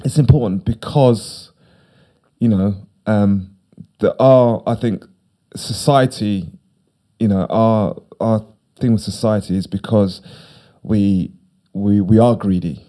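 A man's voice: lowish voice, fairly even intonation, slow pace, dark tone. A middle-aged man, a podcast guest talking casually, rambling and repeating himself with emphasis. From United Kingdom. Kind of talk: casual conversation.

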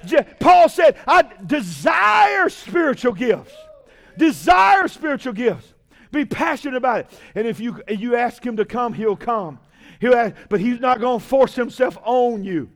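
A man preaching a fiery sermon, shouting and drawing out key phrases and calling out to the congregation. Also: extremely high pitch, expressive. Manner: shouting, drawn-out emphatic preaching with call-outs to the congregation.

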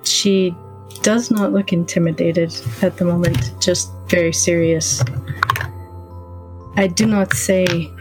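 A woman player speaking formally and deliberately in character in a tabletop role-play. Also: lowish voice, darkish tone, rough recording.

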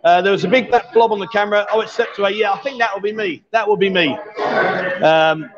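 A man with a notably high voice hosts a casual live stream, joking and bantering as he goes. He is picked up on a camera mic in a busy bar, and the sound is a little muffled. A lively crowd chatters loudly behind him. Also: fast talker. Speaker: livestream host. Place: busy bar with a pool table.

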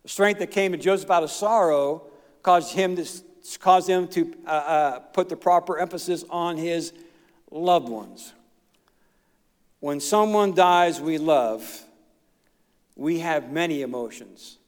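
A man's voice: fairly high pitch, measured pace. A middle-aged man, preaching a folksy, emphatic sermon in a church. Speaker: pastor. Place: church sanctuary. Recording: long reverb of a church hall.

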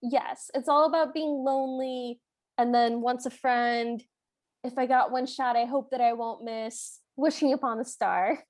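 High-voiced wry woman podcaster. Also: steady tone, unhurried, a little mellow. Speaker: podcast co-host. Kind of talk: casual movie recap chat.

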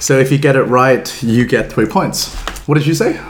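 A man hosting a word game on a podcast, wry and quick to laugh. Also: medium pitch, a little hiss or hum. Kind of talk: casual podcast banter.

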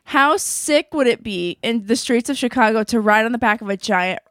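A woman guest on a podcast, an actor and writer, chatting in an animated, emphatic way. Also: fairly high pitch, moderate pace, dry recording, studio quality. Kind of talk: casual chat.

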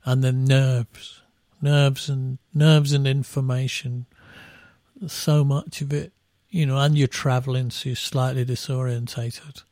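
A man's voice: mid-range voice, level tone, slow, darkish tone, dry recording, studio quality. A middle-aged man from England, a band musician telling rambling anecdotes in casual chat, with restarts and laughs at his own stories.

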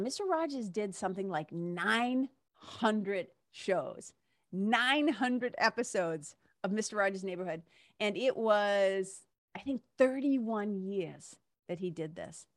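A woman's voice: fairly low pitch, dry recording, studio quality. A woman in her fifties hosting a show, telling a story in an emotional, casual way and often asking "right?". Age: 50s. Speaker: host. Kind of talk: casual heartfelt monologue.

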